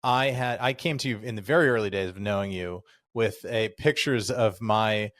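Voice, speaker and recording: A man's voice: fairly low pitch, moderate pace, fairly bright tone, dry recording, clean studio sound. A man co-hosting a podcast, eagerly prompting his guest with questions. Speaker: podcast co-host. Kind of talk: casual podcast interview.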